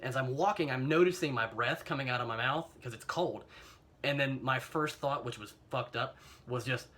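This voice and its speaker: A young American man with a mid-range, pushed and bright voice tells an embarrassing personal story at normal speed. He rambles casually and mocks himself, filling the tale with fillers and chuckles, all recorded on a phone camera.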